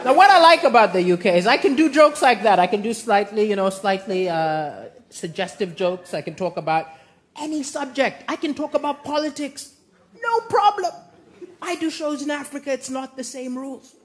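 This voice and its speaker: A man from Malawi, doing a stand-up comedy set with animated, exaggerated punchlines. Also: very high-pitched, normal speed. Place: large theatre stage. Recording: roaring live audience, noisy stage mic.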